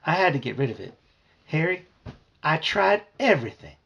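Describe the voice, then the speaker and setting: A man reading aloud and voicing a polite, gentle grandmotherly retired teacher with a husky voice. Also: fairly high pitch, very animated, moderate pace, dull audio, exaggerated voice. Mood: confiding, worried. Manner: gentle, fussy, hospitable.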